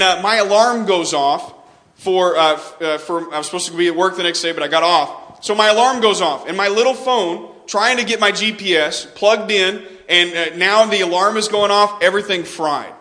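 A man's voice: high-pitched, pushed and bright. A young man from Texas preaching a sermon, telling a story with frequent restarts and repeated words.

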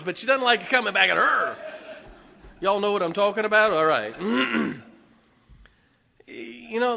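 A man's voice: high voice, vocal fry, pushed and bright, in a large hall, a little hiss or hum. A man preaching a conversational sermon as pastor, folksy and joking with his congregation. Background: congregation responding.

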